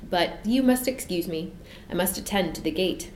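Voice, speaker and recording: A woman voicing a polite bear who speaks calmly and a little wryly. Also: on the low side, moderate pace, reverberant, slight background noise, natural voice. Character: polite, calm male bear at a gate.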